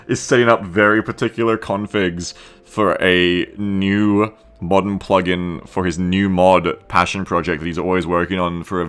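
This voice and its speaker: Coding a game mod on a live stream, a man speaks in a low, clean-toned voice. He stays relaxed and casual, cursing freely, mocking himself, and reading viewer comments out loud.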